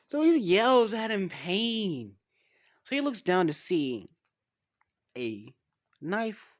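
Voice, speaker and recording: A man casually making up a story as he goes, rambling, swearing and losing track of names. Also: on the high side.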